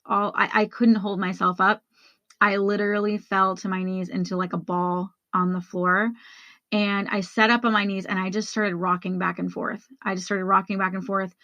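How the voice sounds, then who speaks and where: Bright-voiced woman telling a personal story. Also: medium pitch, flat delivery, normal speed, no echo, lo-fi sound. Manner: candid, conversational, addresses listeners directly. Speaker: podcast host.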